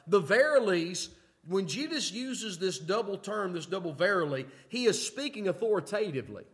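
A man preaching a sermon in a folksy way, often asking "okay?" and moving between loud emphatic lines and quiet asides. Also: high-pitched, expressive, normal speed. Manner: folksy, repeats "okay?" to check in with listeners. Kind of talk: sermon teaching.

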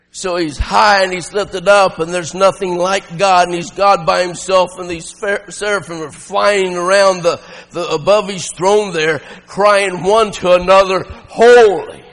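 High-voiced man preaching in a reverberant hall. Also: fairly even intonation, unhurried. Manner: shouting emphatic preaching, laughing often. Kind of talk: sermon.

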